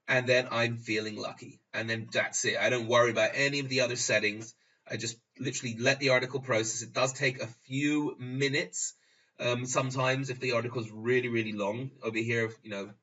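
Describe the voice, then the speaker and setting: A man's voice: medium pitch, a bit bright. A man talking casually through a screen-recorded tutorial, rambling and restarting his phrases as he explains. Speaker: tutorial host. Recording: dull lo-fi sound, distant from the mic.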